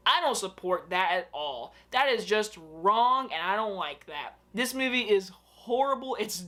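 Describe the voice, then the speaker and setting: A young man giving a casual, animated movie-review rant, exclaiming often and swearing freely. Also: high voice.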